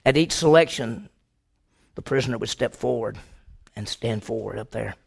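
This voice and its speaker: A male preacher with a gravelly, mid-pitched voice delivers a sermon as a dramatic story. He moves between raised, pointed questions and hushed, drawn-out lines spoken to the congregation. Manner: swings from loud questions to hushed, slow delivery.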